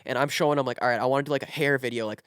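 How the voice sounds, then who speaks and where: A man's voice: mid-range voice, very fast, clean tone, no echo, clean studio sound. A young man telling a casual story with lots of fillers, acting out quotes. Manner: animated, filler-heavy, acts out quotes. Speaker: podcast guest, content creator.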